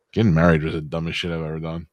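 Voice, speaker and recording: A man with a low, heavy voice chats loosely on a podcast and peppers his stories with profanity. The sound is close and dry, with no room around it. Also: level tone, fairly quick, no room sound. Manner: profane, storytelling banter. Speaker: podcast co-host. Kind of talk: casual chat.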